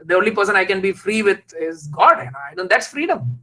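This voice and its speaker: A man giving an emotional, rhetorical motivational talk full of halting restarts. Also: high voice, big pitch swings, sharp tone, low-quality recording. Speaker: invited speaker.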